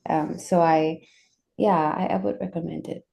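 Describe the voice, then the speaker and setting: A woman's voice: fairly low pitch, fairly even intonation, measured pace, creaky, dark tone. A woman artist chatting casually on a video call, hesitant with many restarts. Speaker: artist guest.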